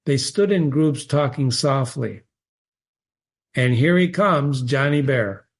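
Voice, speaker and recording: Unhurried male literature reader mixing narration with reflective commentary. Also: medium pitch, lively intonation. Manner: musing, thoughtful asides. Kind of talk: reading aloud with literary analysis.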